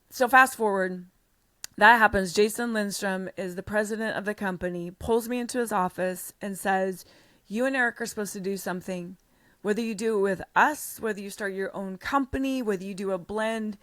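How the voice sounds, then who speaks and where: A middle-aged American woman, a podcast guest, telling her story in a blunt, animated way with the odd swear word. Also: medium pitch, moderate pace, no echo. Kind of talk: storytelling in an interview.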